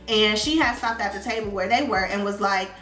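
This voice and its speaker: A young woman vlogger telling a story from school in a casual, animated way with slangy phrasing. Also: mid-range voice, fairly quick. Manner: animated retelling with slangy talk. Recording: echoey room, faint music.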